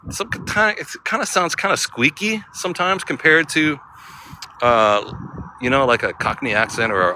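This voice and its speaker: An American man in a casual, rambling travel vlog, chatting as he walks outdoors and laughing often. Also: medium pitch. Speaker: travel vlogger. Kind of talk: casual walking vlog chat. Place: outdoors on a city street. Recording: city street noise with traffic.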